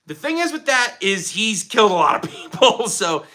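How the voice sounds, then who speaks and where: Lively high-voiced Philadelphia man. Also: moderate pace. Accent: light Philadelphia. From Philadelphia, USA. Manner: excitable, animated, jokey, drops into playful voices. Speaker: livestream host. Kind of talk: casual live chat reading viewer comments.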